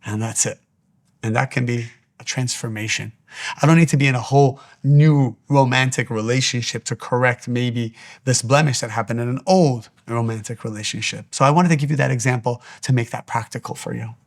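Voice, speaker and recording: A man with a gravelly, creaky edge to his voice delivers a spiritual teaching monologue. He speaks with earnest conviction, returning again and again to the same exhortations, at a middling pitch. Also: steady tone, a little fast.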